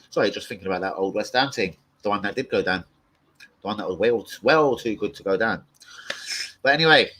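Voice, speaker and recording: A man hosts a football fan live stream, reading and answering viewer comments as he goes. He talks in loose, rambling bursts, swearing constantly and getting worked up. His voice sits in an ordinary middle pitch. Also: husky, poor audio. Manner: foul-mouthed, rambling, excitable rants. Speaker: football fan channel host.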